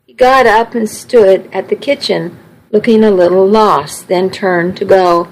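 A woman's voice: mid-range voice, steady tone, measured pace, poor audio. Earnest woman narrating a story. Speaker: audiobook narrator. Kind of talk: first-person scripted narration.

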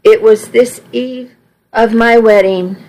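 A woman's voice: on the high side, fairly even intonation, slow, a little mellow, rough recording. Woman, audiobook narrator, first-person, earnest, emotional.

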